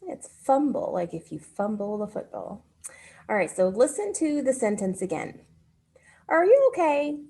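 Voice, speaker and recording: A woman teaching a phonics lesson to children, speaking patiently and pausing for their answers. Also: mid-range voice, sing-song, gravelly, warm tone, husky.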